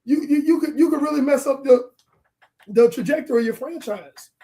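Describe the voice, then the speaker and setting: A man co-hosting a casual sports podcast, joking and acting out movie scenes in an animated way. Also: very high-pitched, a little fast. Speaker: podcast co-host.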